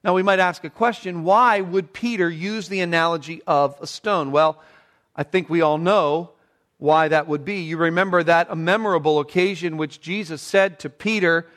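Pastor guy preaching a sermon, pretty high voice, leans hard on the big words. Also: a bit bright. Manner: emphatic preaching, slowing and rising to stress key words. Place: church sanctuary.

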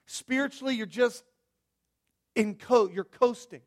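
A man preaching a sermon, emphatic, swinging from hushed lines to loud ones, with lots of rhetorical repetition. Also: very high voice, a little slow.

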